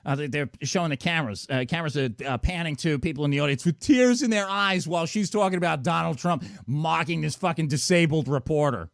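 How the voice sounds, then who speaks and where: A man's voice: a little high, fast, gravelly, hardly any pauses, no room sound, studio quality. A man hosting a call-in talk show, ranting sarcastically and swearing constantly. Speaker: radio show host. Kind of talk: profane call-in show rant.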